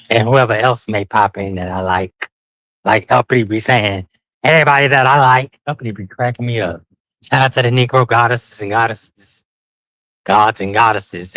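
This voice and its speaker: A man's voice: on the low side, a bit bright, no room sound, poor audio. A man hosting a casual live stream while walking city streets at night, flamboyant and profane, calling his viewers honey with sing-song outbursts.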